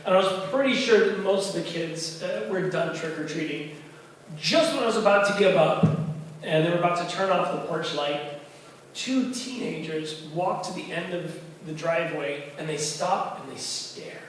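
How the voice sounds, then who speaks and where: A man with a slightly high voice tells a story at a bar's open mic night, speaking at a moderate pace and acting out the voices of kids and friends with animation. The recording comes from far off in an echoey bar and carries a little hiss or hum.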